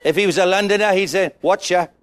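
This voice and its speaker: A male preacher delivering a sermon in a high-pitched voice that leaps up and down. He urges the congregation to shout their answers. He keeps it playful, acting out small scenes as he goes. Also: lively intonation, a little slow. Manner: exhorting, calls on the congregation to shout; playful, jokes and acts out little scenes.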